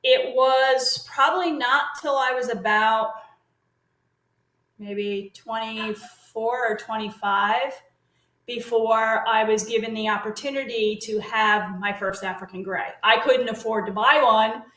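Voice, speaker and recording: A woman's voice: on the high side, fairly even intonation, measured pace, pushed and bright, reverberant, poor audio. A middle-aged woman telling long casual stories as an interview guest, rambling with fillers and restarts. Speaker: guest, parrot consultant. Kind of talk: casual storytelling chat.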